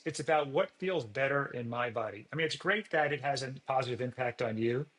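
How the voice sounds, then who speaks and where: A man's voice: mid-range voice, fairly bright tone, low-quality recording. A man, a physician guest on a podcast, explaining earnestly and acting out sample dialogues in a lifted voice.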